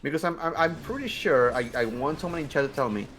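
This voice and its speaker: A man's voice: on the high side, expressive, fast talker, a bit bright. A man from Mexico chatting on a live game stream over voice chat, rambling and joking, swearing casually.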